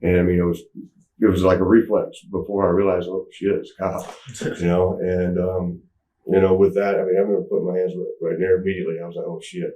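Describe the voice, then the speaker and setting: A man's voice: low-pitched, flat delivery, fast talker, warm tone. A man telling a candid story in an interview, rambling with restarts and acting out what people said. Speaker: interview guest. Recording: roomy, mic at some distance.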